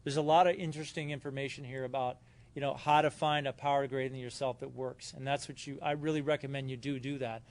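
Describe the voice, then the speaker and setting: A Southern Californian man with a medium-pitched, fairly even voice talks fast at a recovery convention in a hotel conference room. He shares personal stories casually, acting out quoted dialogue and using frequent fillers.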